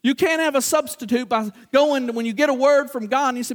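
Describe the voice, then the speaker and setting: A middle-aged man preaching a sermon, animated and acting out little dialogues, repeating words for emphasis. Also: very high voice, fairly quick, hardly any pauses.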